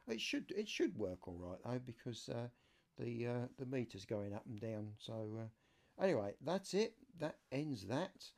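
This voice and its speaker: A man's voice: medium pitch, very animated, measured pace, creaky, darkish tone. A man hosting his own casual home radio show on a new condenser mic, chatty and jokey. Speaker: amateur radio show host. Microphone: new USB condenser mic.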